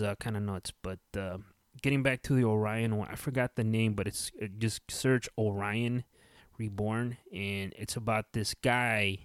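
Low-voiced man in loose joking podcast chat. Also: dry recording, studio quality. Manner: loose, joking, swears casually. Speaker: podcast co-host. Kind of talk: casual chat.

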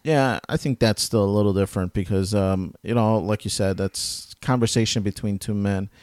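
A man's voice: on the low side, normal speed, darkish tone, no room sound, studio quality. A man in his thirties with young kids, co-hosting a casual chat and explaining his views at length. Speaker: podcast co-host.

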